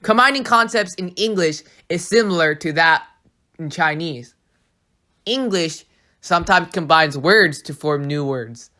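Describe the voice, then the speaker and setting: A narrator reading a scripted explanation as a teacher, in a clear, explanatory way. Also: mid-range voice, expressive, unhurried, pushed and bright.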